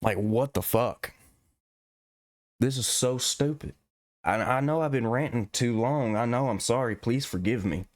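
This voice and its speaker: A man rants through a gaming commentary, cursing and exasperated. His voice sits at an ordinary pitch. The recording is dry and close, with no room sound. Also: unhurried, dry recording. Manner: profane, exasperated ranting. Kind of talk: ranting video commentary.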